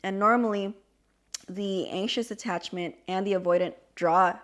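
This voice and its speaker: A young adult woman co-hosting a podcast, explaining a subject in casual chat with an animated, filler-heavy way of talking. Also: mid-range voice, normal speed. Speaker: podcast co-host.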